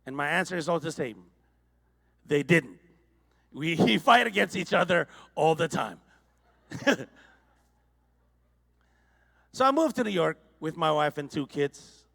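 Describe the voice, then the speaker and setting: A man with an Indonesian accent doing a stand-up comedy set, with deadpan setups and playful crowd work. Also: a little high, measured pace, creaky, pauses often. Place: large conference hall with audience.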